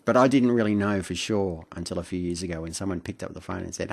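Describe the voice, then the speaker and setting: Deep-voiced Australian man rambling late at night. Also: steady tone, quick pace, creaky, a little mellow. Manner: rambling, hesitant, chuckling, with many fillers and restarts. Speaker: vlogger. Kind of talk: late-night reflective monologue. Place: home at night.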